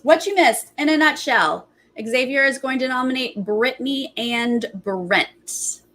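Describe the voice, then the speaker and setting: Young woman host, chatty and animated, acts out quotes and chats with viewers. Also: sits high, measured pace, low-quality recording. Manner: animated storytelling, acting out quotes, frequent "like"; chatty, greets viewers by name. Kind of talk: casual chat, live show recap.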